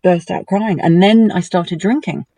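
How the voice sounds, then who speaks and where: A woman's voice: on the low side, a little slow, no echo, low-quality recording. A woman, telling a painful personal story on a talk show, acting out what others said. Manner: animated, acts out quotes in a mimicking voice. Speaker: guest.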